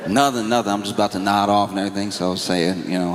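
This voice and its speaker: A man's voice: lowish voice, fast talker. A man doing stand-up comedy, telling stories and acting out phone calls. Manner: animated storytelling, acting out calls. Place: comedy stage before a live audience. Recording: reverberant hall with audience noise.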